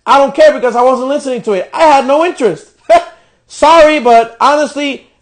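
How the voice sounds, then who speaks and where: Man, podcast host, high voice, profane, ranting, exasperated. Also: normal speed. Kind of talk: wrestling show review rant.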